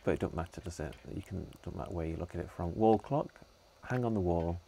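A man giving casual commentary while playing a video game, chatting to himself and to the characters with excitable bursts. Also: low voice, fast talker, gravelly, a little hiss or hum. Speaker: gaming channel host. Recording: faint background music.

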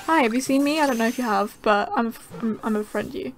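Bubbly high-voiced young woman gaming. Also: fast, music in the background. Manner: bubbly, gasping, easily excited. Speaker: gaming channel host. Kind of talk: casual gameplay commentary.

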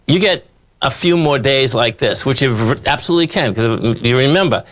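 A man's voice: mid-range voice, a bit bright. A man hosting live stock market commentary over charts, talking in a rambling, emphatic, folksy way, full of "okay" and "bottom line". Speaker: market analyst host.

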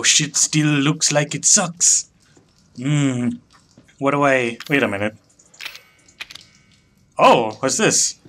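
A young man's mid-range, slightly bright voice carries his let's play commentary on a horror game, with a bit of hiss or hum underneath. He's joking and self-deprecating throughout, and easily disgusted.

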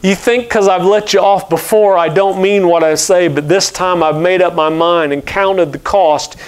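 A man's voice: fairly high pitch, takes it slowly. A man reading as Legree, cruel raging slave master. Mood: menacing. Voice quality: menacing, scornful. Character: cruel, raging male slave owner, middle-aged.

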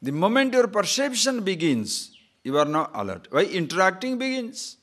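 A man teaching a spiritual class with a lively, higher voice that rises and falls widely. He keeps asking rhetorical questions and acts out shouts in his stories. Birds can be heard behind him. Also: moderate pace. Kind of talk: spiritual discourse to a live class.

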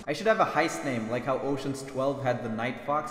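A young man giving loud, excitable, joking commentary while playing video games, swearing often. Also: medium pitch, normal speed, hardly any pauses, noisy background. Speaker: gaming streamer. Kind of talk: casual gaming commentary. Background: game music.

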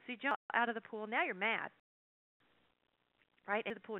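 A woman's voice: on the high side, normal speed, dry recording. A woman giving a live webinar lecture, telling folksy stories and speaking directly to her audience. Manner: folksy, animated storytelling with asides to the audience. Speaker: workshop presenter. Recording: dry, tinny phone-line sound.

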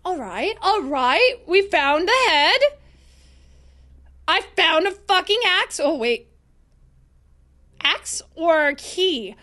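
Woman streamer, squeaky and excitable, high bright voice, live game commentary. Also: takes it slowly. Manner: excitable, chatty, talks to chat.

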